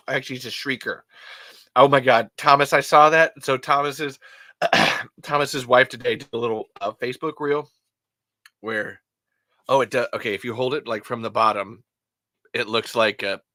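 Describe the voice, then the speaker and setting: Male podcast host, casual live-stream chatter, forceful bright tone, tumbling restarts and cursing. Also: medium pitch, unhurried, pauses often, no room sound. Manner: rambling, excitable storytelling with stammered restarts and swearing.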